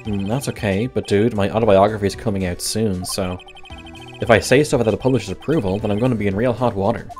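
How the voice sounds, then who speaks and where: A man's voice: on the low side, steady tone, fast, a little mellow, soft background music, lightly acted. A man voicing a laid-back, self-absorbed young male celebrity in a game, in a loose casual tone.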